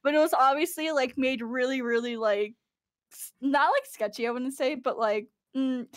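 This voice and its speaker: A woman's voice: high voice, moderate pace, dry recording, clean studio sound. A woman co-hosting a live podcast, rambling and giggling in casual chat. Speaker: podcast co-host.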